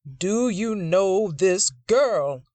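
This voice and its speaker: A narrator voicing an old, frail preacher who barks demands in a raised, slow voice, in a dark short story reading. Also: medium pitch, expressive, no echo, pitched above the performer's own voice, lightly acted. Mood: angry. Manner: roaring demands, turning to frail pleading. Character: old, frail, furious backwoods preacher man.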